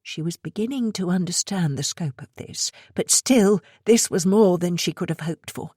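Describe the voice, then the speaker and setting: A woman narrating a thriller audiobook in a steady, measured way. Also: fairly low pitch, slightly rough, dry recording, clean studio sound.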